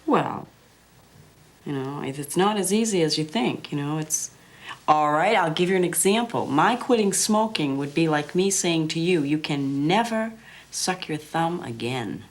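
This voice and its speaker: A mother with a very low voice patiently explains herself in a documentary interview. She talks as a smoker. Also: expressive, moderate pace.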